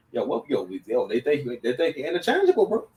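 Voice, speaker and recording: A man's voice: mid-range voice, huge pitch swings, moderate pace, far from the mic, lo-fi sound. Stammering, slang-heavy male commentator. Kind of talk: casual reaction commentary.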